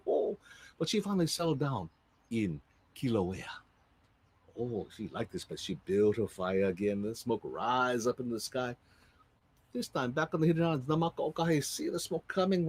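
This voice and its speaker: A man from Hawaii telling island legends with lively sound effects, in a Hawaiian Pidgin accent. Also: mid-range voice, slightly rough. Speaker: storyteller. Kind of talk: live storytelling of legends.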